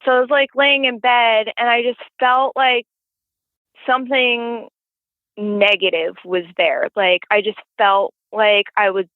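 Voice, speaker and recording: Phoning in as a guest, a woman recounts a paranormal experience in a rambling, casual way, leaning hard on "like" as filler. Her voice is on the high side, with fairly even intonation and a measured pace, heard dry and tinny over the phone.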